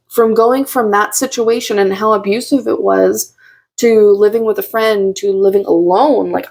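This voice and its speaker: A woman in her own room giving a casual, heartfelt channeled message to her viewers as a tarot reader, with lots of fillers and soft giggles. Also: mid-range voice, creaky.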